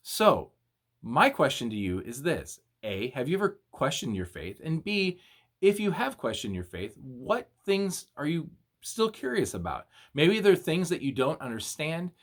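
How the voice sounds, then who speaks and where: A young man, a youth minister, giving a casual video devotional and retelling a story in an animated, slangy way. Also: fairly high pitch, a little slow.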